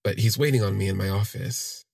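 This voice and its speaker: A man telling a personal story in the first person, in a halting, reflective way that trails off and restarts. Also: lowish voice, vocal fry, darkish tone, breathy edge, no room sound, studio quality. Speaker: podcast storyteller.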